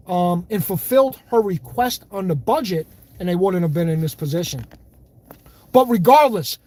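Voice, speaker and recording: A man hosting a livestream, reading viewer comments in blunt, profane, fiery casual talk. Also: high-pitched. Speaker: livestream host.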